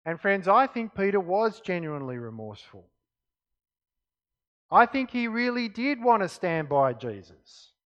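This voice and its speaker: A man delivers a sermon with a high voice. His pitch swings widely as he reads scripture and drives home each point. He often drops to quiet emphasis. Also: a little slow, highs cut off. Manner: expressive Bible reading, dropping to quiet emphasis. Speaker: preacher.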